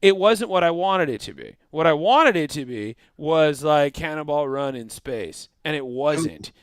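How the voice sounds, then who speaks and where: A man chatting as a podcast guest, animated and jokey, slipping into quick silly voices. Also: fairly high pitch, smooth, dry recording. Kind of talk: casual chat.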